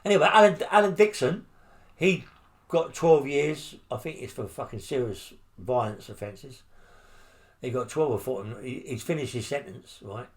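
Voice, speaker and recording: An older man with a London accent telling prison stories in an interview, blunt and rambling, full of swearing and tag questions. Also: medium pitch. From England. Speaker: interviewee, former criminal. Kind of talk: storytelling interview.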